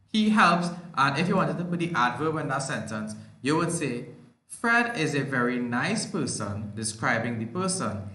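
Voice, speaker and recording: A man's voice: mid-range voice, sharp tone. A man with a Trinidadian accent teaching an online language arts lesson, explaining step by step and asking and answering his own questions. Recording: echoey room.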